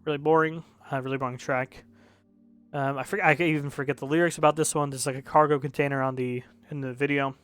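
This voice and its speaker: A man's voice: on the high side, steady tone, fast talker, a bit bright, clean tone. A young man casually reviewing music, rambling and correcting himself, frank and a bit profane.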